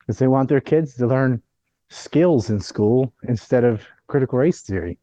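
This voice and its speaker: A blunt, opinionated man rants through a casual political chat with a dark, mellow voice. The sound is dry and close, with a dull, lo-fi edge. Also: mid-range voice, moderate pace, no echo.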